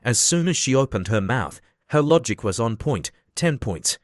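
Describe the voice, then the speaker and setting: Male narrator, steady manga recap read, mid-pitched, dry close sound. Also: moderate pace, no echo. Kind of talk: scripted narration.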